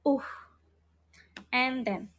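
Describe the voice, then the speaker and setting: A woman's voice: high voice, drawn-out words. A woman teaching an online phonics lesson, repeating letter sounds and prompting her students. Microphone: online class, video call.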